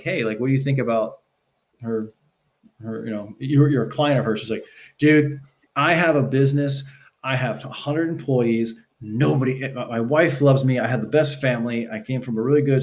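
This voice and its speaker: Young man from Texas, podcast guest; loose, animated delivery with playful acted-out quotes. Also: medium pitch. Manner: animated, acts out quoted dialogue, swears casually. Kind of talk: casual conversational interview.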